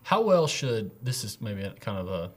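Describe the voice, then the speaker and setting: A man hosting a podcast, asking quick, chatty questions in casual talk. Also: on the low side, very animated. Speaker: podcast host.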